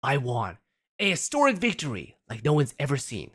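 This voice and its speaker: A man voicing a boastful, blustering older duke in a lowered voice, speaking in short, self-praising phrases. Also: wildly swooping pitch, normal speed, a bit bright, husky, exaggerated voice.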